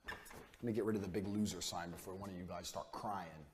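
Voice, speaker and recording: A man's voice: low-pitched, fairly even intonation, a little fast, background noise. A man giving a business course lecture, talking bluntly and commandingly and swearing often. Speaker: business coach.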